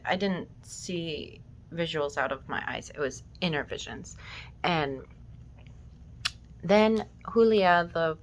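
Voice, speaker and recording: A woman in her thirties telling a personal story slowly and reflectively, with emotion and some casual swearing. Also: on the low side, fairly bright tone, a little hiss or hum. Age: 30s. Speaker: vlogger.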